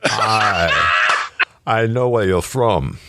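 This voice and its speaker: A man putting on a grave, solemn voice, making a slow, deliberate demand from a distance. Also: on the low side, lively intonation, background noise, heavily acted.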